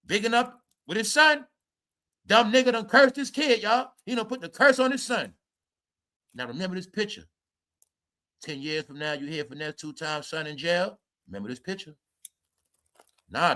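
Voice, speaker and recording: Brash high-voiced man ranting. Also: sharp tone. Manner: brash, mocking, repeats "y'all" and "bro". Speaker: commentary streamer. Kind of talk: ranting commentary.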